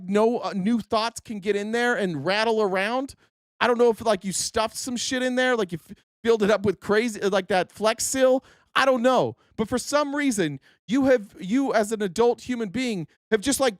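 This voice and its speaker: Fiery high-voiced man ranting. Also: no echo, clean studio sound. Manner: profane, heated, repetitive. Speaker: political show host. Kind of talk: angry livestream rant.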